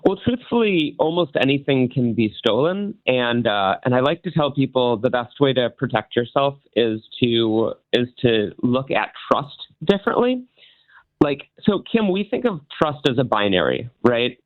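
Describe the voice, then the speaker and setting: A man's voice: mid-range voice, sing-song, normal speed, dry recording. A man appearing as a guest magician on a radio show, explaining things earnestly. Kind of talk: interview over the phone. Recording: tinny phone line.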